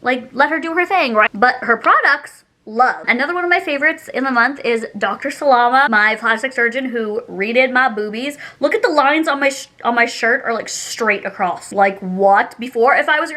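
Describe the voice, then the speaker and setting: A woman's voice: a little high, normal speed, hardly any pauses, bright, forceful tone. A young woman beauty vlogger chatting casually about her favorite products, bubbly and giggly, filling her talk with "like". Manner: bubbly, giggly, says "like" constantly. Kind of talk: casual chat.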